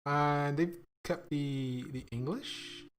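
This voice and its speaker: Slow, halting man coding live. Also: on the high side. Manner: slow, halting, self-mocking, laughs at himself. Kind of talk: casual thinking aloud while coding.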